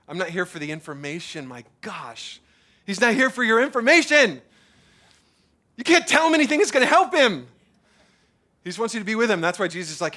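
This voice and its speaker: Man, pastor, 30s to 40s, church sermon, high voice, animated and chatty, lots of fillers. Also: brisk. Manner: animated, conversational, with many fillers and repeats. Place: church service.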